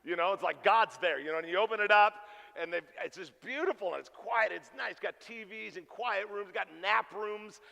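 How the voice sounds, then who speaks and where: A pastor preaching a sermon, telling a funny story in an animated way and acting out the dialogue. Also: male voice, high-pitched, moderate pace, creaky. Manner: animated, jokey, acts out dialogue. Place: church sanctuary. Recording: reverberant church hall.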